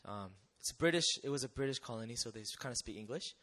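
A fast-talking young missionary with a mid-range voice shares his testimony with a crowd. He's animated and conversational, regularly checking in through rhetorical questions.

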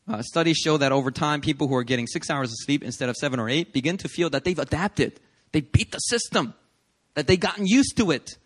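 Animated young male preacher. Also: on the high side, a little fast. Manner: animated and conversational, acts out little quoted scenes. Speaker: pastor. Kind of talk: sermon. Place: church service.

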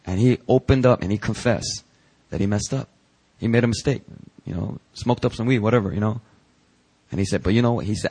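A man pastor preaching a sermon in church, telling stories and reading out emails with lively emphasis. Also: on the low side, fast talker, husky.

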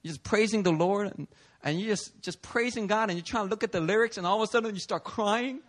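A man with a fairly high voice preaches in an easygoing, conversational way. He is animated, keeps checking in with his congregation with little "okay?"s and "right?"s, and slips into other people's voices when he quotes them. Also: quick pace. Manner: acts out listeners' voices in quotes. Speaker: pastor. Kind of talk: conversational sermon. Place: church sanctuary.

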